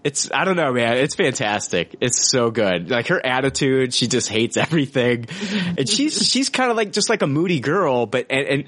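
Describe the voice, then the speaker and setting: A man co-hosting a casual review podcast, talking with enthusiasm. He rambles, restarting his sentences and filling gaps with "like". His voice sits at an ordinary middle pitch for a man. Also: sing-song, moderate pace, a bit bright. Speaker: podcast co-host.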